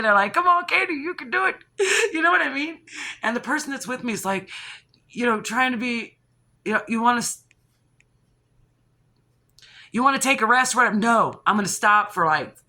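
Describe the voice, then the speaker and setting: Bright-voiced woman telling a rambling story. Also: medium pitch. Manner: animated and rambling, with restarts, gasps and laughs. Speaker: channel host. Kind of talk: casual personal storytelling.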